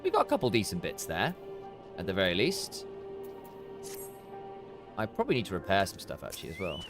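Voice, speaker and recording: A man's voice: sits low, a little fast, music in the background. Chatty man commenting on gameplay. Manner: relaxed, chatty, muttering to himself. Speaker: streamer.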